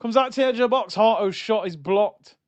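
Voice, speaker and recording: High-pitched, excitable streamer. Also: male voice, fairly quick, lo-fi sound. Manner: excitable, swings from loud outbursts to muttering. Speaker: watchalong streamer. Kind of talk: live football watchalong reaction.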